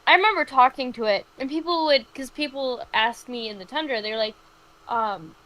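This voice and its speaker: A woman's voice: high-pitched, moderate pace, pushed and bright, rough recording. A woman co-hosting a casual live stream chat, ranting emphatically about a show. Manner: emphatic, exasperated rants. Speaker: podcast co-host.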